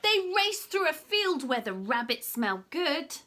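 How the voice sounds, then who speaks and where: A woman reading a picture book aloud for children at library story time, animated and often dropping to a whisper for asides. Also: sits high, a little slow.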